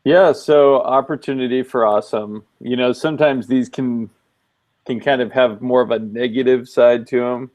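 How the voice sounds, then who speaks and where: A man co-hosting a casual video-call chat, easygoing and thoughtful, pausing with frequent ums. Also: medium pitch, steady tone, darkish tone, low-quality recording. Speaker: co-host. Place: home office, video call.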